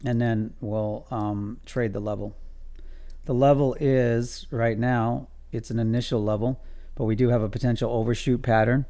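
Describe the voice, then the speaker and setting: Guy trading futures on a live stream, joking around, gravelly low rasp, mellow tone. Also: steady tone, normal speed. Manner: joking, self-amused, talks to viewers.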